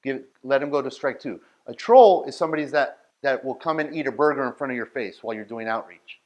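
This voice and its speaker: Blunt, direct man leading a workshop. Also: on the high side. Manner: blunt, direct, keeps checking in with the listeners. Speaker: outreach workshop leader. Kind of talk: workshop talk.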